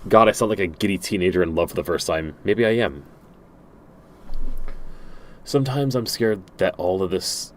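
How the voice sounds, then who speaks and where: A man's voice: low-pitched, a little hiss or hum. A man playing through a game, reading its letters and messages aloud with frequent stumbles, restarts and dry asides. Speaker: game streamer.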